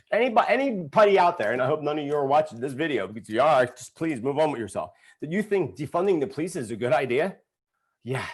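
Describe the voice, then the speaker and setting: Ranting man hosting a live stream. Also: medium pitch. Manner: ranting, sarcastic, indignant. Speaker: psychic host of live stream. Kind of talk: live stream chat reading comments.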